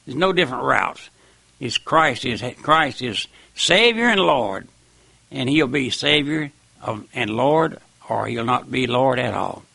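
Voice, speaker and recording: A man's gravelly, bright voice drives a fervent radio sermon, emphatic and dogmatic. He speaks a little high and sounds close and dry. He keeps pressing listeners to listen. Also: animated, unhurried, dry recording. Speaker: radio preacher.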